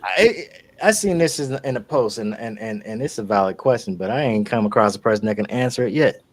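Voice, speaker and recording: A man with a fairly low pitch and brisk delivery co-hosts a podcast, chatting casually. He tells animated stories laced with profanity, acting out the quotes.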